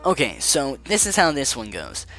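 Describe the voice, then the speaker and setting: A man's voice: medium pitch, huge pitch swings, normal speed, pushed and bright, faint music behind. A young man rambling through a casual storytime in a sarcastic, joking tone. He curses freely and keeps things loose and chatty. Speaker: vlogger.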